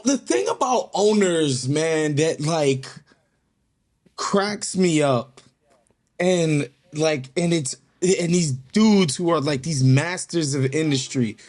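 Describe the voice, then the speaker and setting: Guy guesting on a podcast, pretty high voice, animated, says like and bro a lot. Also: slow. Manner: animated, slangy, lots of "like" and "bro". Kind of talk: casual podcast conversation.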